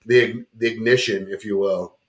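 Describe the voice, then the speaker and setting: A man's voice: on the low side, fairly even intonation, normal speed, a bit bright. Joking man hosting a chat show. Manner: loose and joking, reads sponsor plugs. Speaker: talk show host. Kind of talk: casual chat with ad reads.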